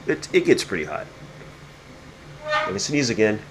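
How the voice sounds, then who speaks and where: A man's voice: lowish voice, big pitch swings, moderate pace. A man giving a casual show-and-tell tour of his home lab, rambling with lots of fillers and restarts. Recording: air conditioning hum behind.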